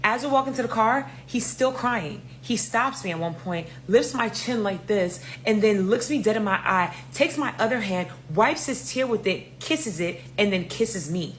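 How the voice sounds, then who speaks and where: A young woman tells a story in a casual, animated way, swearing freely and talking directly to her viewers. Her voice sits at a middle pitch. A faint hum runs under the recording. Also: moderate pace, hardly any pauses. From New York. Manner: animated, profane, talks straight to viewers.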